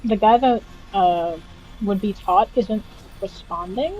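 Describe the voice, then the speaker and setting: A woman with a husky, breathy voice talks over gaming voice chat. She speaks in halting, filler-heavy bits while sorting out the next run. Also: medium pitch, highs cut off, soft background music. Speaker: teammate on voice chat.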